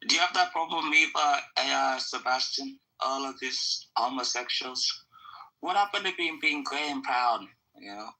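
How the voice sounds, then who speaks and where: A man's voice: medium pitch, moderate pace, pushed and bright, low-quality recording. A man hosting a podcast in casual chat, ranting heatedly and profanely with lots of repetition. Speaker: podcast host.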